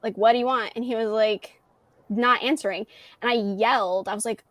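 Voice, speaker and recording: A slightly high-voiced woman chats on a livestream from her home, acting out the back-and-forth of a ghost story with plenty of "like". Her voice sounds close and dry. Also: steady tone, quick pace, no room sound. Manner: chatty, retells dialogue with lots of "like". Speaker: guest on a livestream. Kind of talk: casual storytelling chat. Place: at home in a townhouse.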